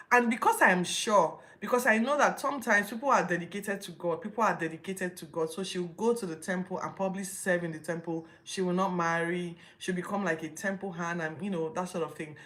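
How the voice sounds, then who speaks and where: A woman's voice: fairly low pitch, a bit bright. A woman hosting a Bible podcast, retelling scripture casually with incredulous rhetorical questions. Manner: informal retelling with restarts.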